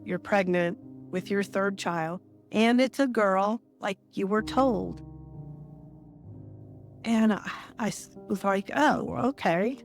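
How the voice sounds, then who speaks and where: A woman in her sixties, an interview guest, telling a personal story in a measured, reflective way with pauses between phrases. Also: medium pitch, steady tone, soft background music.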